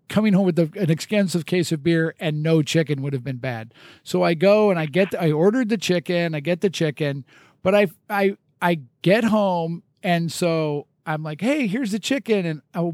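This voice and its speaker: A man's voice: high-pitched, dry recording, clean studio sound. A middle-aged man hosting a podcast, telling a rambling, self-mocking story at a casual pace, with restarts and laughs. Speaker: podcast host.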